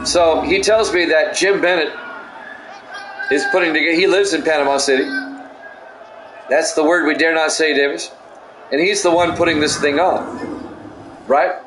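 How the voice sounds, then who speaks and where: A man's voice: a little high, steady tone, normal speed, long pauses. A middle-aged man calling plays of a football game while telling a rambling story to his chat, laughing often. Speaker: streamer doing game commentary. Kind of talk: play-by-play commentary mixed with chatty storytelling. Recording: echoey room with background noise.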